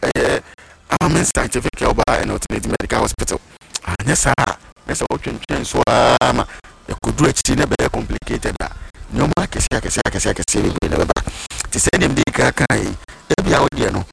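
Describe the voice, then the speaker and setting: A man's voice: mid-range voice, expressive, fairly quick, vocal fry. A man speaking as a medical expert on a health program, explaining symptoms step by step and mixing in English medical terms. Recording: loud background noise.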